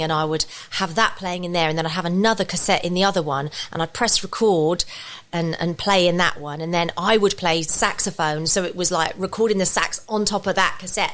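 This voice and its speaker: A woman's voice: low voice, a bit bright. A woman from England, a podcast guest, talking in a chatty, rambling storytelling way into a studio podcast mic. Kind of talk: casual podcast chat.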